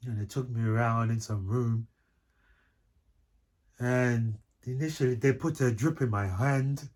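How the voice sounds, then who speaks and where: A man's voice: medium pitch, steady tone, measured pace, darkish tone. A young adult man, chatting in an easygoing way as co-host, often checking he is understood. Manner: easygoing, laughs often, repeats "if you get what I mean". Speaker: co-host of a couples channel. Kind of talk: casual chat.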